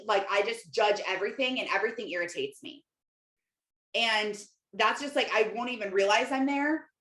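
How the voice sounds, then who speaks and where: A woman's voice: medium pitch, fairly bright tone. A middle-aged woman hosting a podcast as a Christian life coach, talking in a chatty, rambling way with lots of fillers. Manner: chatty, rambling, many fillers and self-quotes. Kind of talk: casual confessional monologue. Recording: roomy echo.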